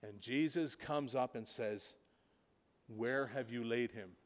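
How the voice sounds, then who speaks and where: Slow, storytelling male preacher in a hall. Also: medium pitch. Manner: storytelling, swings from hushed to loud and emphatic. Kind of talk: sermon. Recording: reverberant hall.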